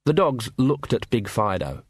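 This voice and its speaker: A man reads a story aloud in a measured, wry way, his voice mid-pitched and even. The recording sounds close and dry, with no room echo. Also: breathy edge. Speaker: audiobook narrator. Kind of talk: scripted narration.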